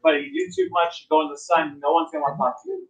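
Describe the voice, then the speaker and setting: A man's voice: high voice, wildly swooping pitch, rapid-fire, creaky, muffled recording, a loud crowd. A man chatting casually and joking while signing autographs by a pool. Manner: chatty, jokey. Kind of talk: casual chat. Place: outdoors by a pool. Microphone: laptop microphone. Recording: echoey poolside, laptop mic.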